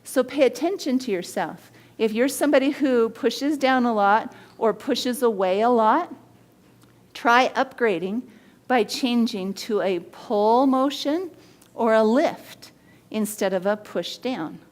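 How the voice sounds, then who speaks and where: A woman with a fairly high voice teaches body language on her own show. She talks with energy and acts out the people in her stories to make her points. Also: measured pace. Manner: animated storyteller who acts out quoted voices.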